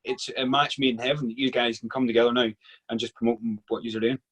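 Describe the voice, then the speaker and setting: A male interviewer with a husky voice at an ordinary pitch for a man. He talks in a friendly, encouraging way and often restarts his sentences. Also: little pitch movement, fast talker. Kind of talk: casual interview talk.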